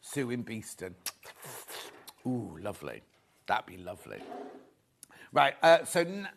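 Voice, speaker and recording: A man's voice: fairly low pitch, huge pitch swings, unhurried, vocal fry, pauses often. A man hosting a live shopping show, chatting casually, joking with the crew and reading out viewer messages. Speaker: shopping channel host.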